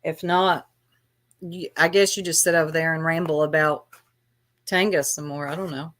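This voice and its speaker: A woman's voice: low voice, steady tone, normal speed, a bit bright. A woman vlogger ranting on a livestream in a taunting, sarcastic way. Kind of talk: livestream rant.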